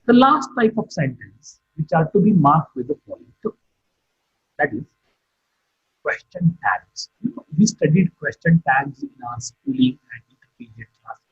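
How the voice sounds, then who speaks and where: A man's voice: fairly high pitch, big pitch swings, normal speed, husky, lo-fi sound. A man giving an online phonetics lecture, explaining step by step and repeating example sentences with stress. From India. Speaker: university lecturer.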